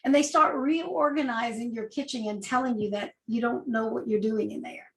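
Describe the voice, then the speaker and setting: A woman's voice: fairly high pitch, fairly even intonation, normal speed, vocal fry, roomy sound, rough recording. A woman, an agile coach, giving a conversational talk with rhetorical questions. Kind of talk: presentation talk.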